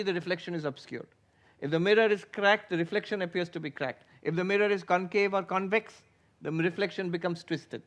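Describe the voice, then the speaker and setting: A man's voice: sits high, fairly bright tone. A man, a spiritual teacher, giving a philosophy class lecture, explaining patiently, questioning his listeners and acting out the voices of everyday thought. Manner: acts out everyday inner voices for illustration.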